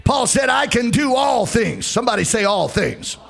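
Male preacher, husky and high-pitched, call-and-response sermon, shouts hard, soft music under. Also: big pitch swings, moderate pace. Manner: call-and-response, shouting and swooping between loud and low. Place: church service before a congregation.

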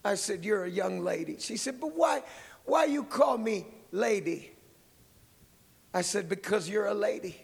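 Fiery gravelly preacher in a reverberant hall. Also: male voice, sits high, lively intonation, measured pace. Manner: swings from hushed storytelling to shouted praise. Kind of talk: sermon. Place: church.

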